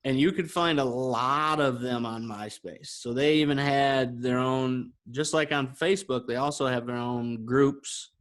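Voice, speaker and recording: A mid-range male voice, a little slow with few pauses, co-hosts a podcast. He tells a personal story in relaxed chat, animatedly acting out the quoted lines of the people involved.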